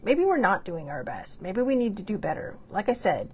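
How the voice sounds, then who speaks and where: Woman host, casual monologue: raspy, lively pitch, earnest and rambling. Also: normal speed. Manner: rambling and conversational, with frequent fillers and restarts; earnest, with bursts of laughter and mild swearing.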